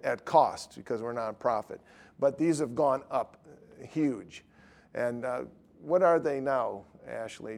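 A middle-aged man preaching, telling a lively story with acted-out voices and frequent laughter. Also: mid-range voice, gravelly. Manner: animated storyteller, acts out voices, laughs often. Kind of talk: storytelling sermon.

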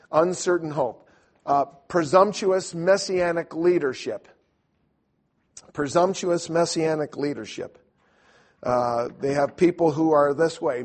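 Gravelly raspy guy teaching at church, rambly stories, lots of restarts. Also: medium pitch, darkish tone. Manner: storytelling, self-deprecating, many restarts. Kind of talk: informal teaching talk.

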